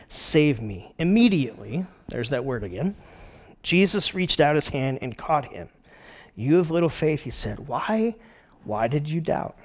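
A middle-aged man preaching a casual sermon, retelling a scripture story with jokes and playful quoted voices. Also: fairly high pitch. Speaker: pastor.

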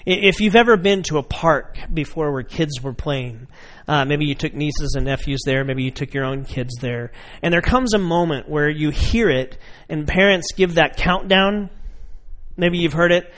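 A man's voice: fairly high pitch, moderate pace, fairly bright tone. A man preaching a sermon in a conversational way, addressing his listeners directly and acting out everyday scenes. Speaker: pastor.

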